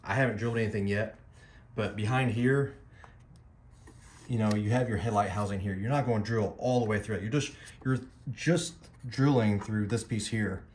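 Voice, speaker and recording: A man's voice: on the low side, moderate pace, darkish tone, slight background noise. A man talking viewers through a motorcycle parts install in a loose, rambling, self-deprecating way, as a casual how-to vlogger in a garage.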